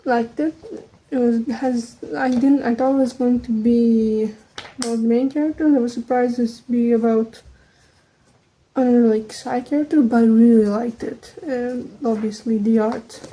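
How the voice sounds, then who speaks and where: A young woman who speaks English as a second language, with a slight American lean, chatting casually and quickly as a book vlogger, trailing off into soft asides. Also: fairly high pitch, slight background noise, poor audio. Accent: American-leaning English, second language. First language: not English. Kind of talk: casual chat.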